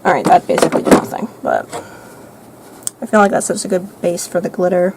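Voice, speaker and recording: A teenage girl chatting casually through her makeup routine, rambling and thinking out loud. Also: lowish voice, animated, a little fast, vocal fry, very noisy. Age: teens. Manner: rambling, self-narrating, thinking aloud; soft, light voice at times. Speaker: vlogger. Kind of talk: chatty makeup get-ready-with-me vlog.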